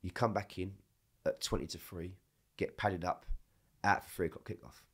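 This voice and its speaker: A man with a low voice tells his stories with a lot of energy. He swears all the time and keeps the chat loose and casual. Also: moderate pace, slightly rough. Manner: swears constantly, animated storytelling. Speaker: podcast guest.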